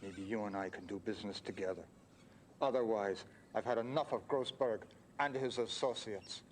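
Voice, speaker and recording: An actor playing a grumpy, hostile man who is owed money, speaking gruffly and curtly in a game recording with faint noise. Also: fairly low pitch, moderate pace, close to an everyday voice.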